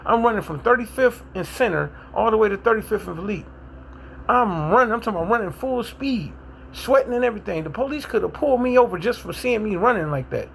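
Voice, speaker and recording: A middle-aged man casually telling his own recovery story with a Milwaukee accent, animated and acting out what people said. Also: quick pace, vocal fry, a little hiss or hum. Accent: Milwaukee, African American Vernacular English. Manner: animated, acts out quotes, rises to excited high pitch in tense moments.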